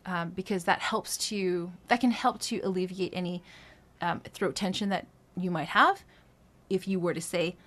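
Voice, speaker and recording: A woman's voice: lowish voice, normal speed, fairly bright tone. A woman vocal coach teaching a singing lesson, explaining phrases note by note in a conversational way. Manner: explains step by step, breaking phrases into notes; conversational, frequent "right?" and "um".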